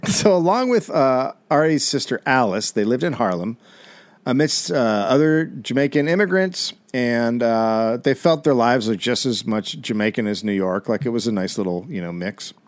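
A man's voice: mid-range voice, animated, moderate pace. Wry man telling a history tale. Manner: wry, hesitant storyteller with many "uh"s, mock-solemn asides. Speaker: comedian co-host telling a history story. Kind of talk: storytelling podcast banter.

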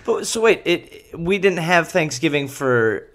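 A man's voice: a little high, lively intonation, unhurried, fairly bright tone. A man co-hosting a comedy podcast, reacting sarcastically and laughing often. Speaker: podcast co-host.

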